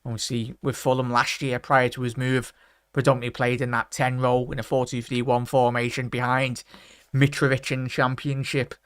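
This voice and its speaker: A man's voice: mid-range voice, flat delivery, fairly quick, fairly bright tone, smooth, no echo, studio quality. A man hosting a football watchalong livestream, chatting casually and greeting viewers by name with "big up" and "mate". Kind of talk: casual live chat reading comments.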